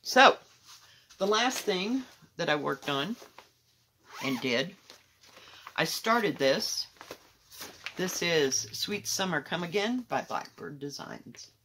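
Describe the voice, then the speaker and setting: A woman with a bright, forward voice talks through her cross-stitch projects in a loose, candid ramble, sometimes dropping to a soft mutter. She is recorded at home, with a faint hiss underneath. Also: fairly low pitch, animated, slow pace, pauses often. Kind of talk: casual show-and-tell chat.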